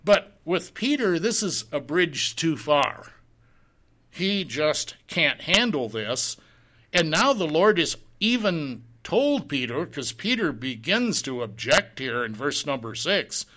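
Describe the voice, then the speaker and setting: A man's voice: a little high, big pitch swings, slow, pushed and bright. A man preaching a sermon, teaching a Bible passage verse by verse, reading the scripture in old-fashioned wording and asking rhetorical questions. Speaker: pastor.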